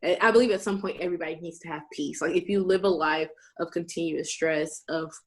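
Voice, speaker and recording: Animated storytelling woman with a low voice. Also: quick pace. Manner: animated storyteller who acts out quoted people. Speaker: host. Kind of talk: casual chat.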